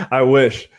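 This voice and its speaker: A man from Ohio hosting a livestream podcast, chatting casually, rambling a little and laughing often as he runs giveaways. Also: lo-fi sound. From Ohio, USA. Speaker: podcast host.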